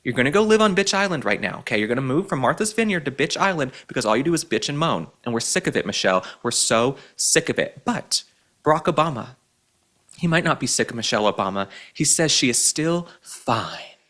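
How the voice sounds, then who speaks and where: A male host tearing into his targets with sarcastic, indignant commentary. His voice swings widely in pitch and has a bright, forceful edge. He mocks and scolds as he talks. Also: very animated, a little fast. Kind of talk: ranting political commentary.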